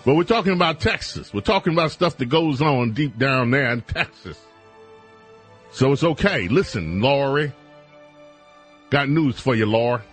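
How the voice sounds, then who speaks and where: A man's voice: medium pitch, lively intonation, moderate pace, long pauses, faint music behind. A man hosting a talk radio show, delivering a sarcastic, folksy monologue with mocking asides.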